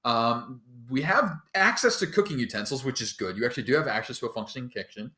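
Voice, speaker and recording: A man narrating as dungeon master of a tabletop game, relaxed and rambling, often breaking into laughter. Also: medium pitch, fast talker, roomy sound.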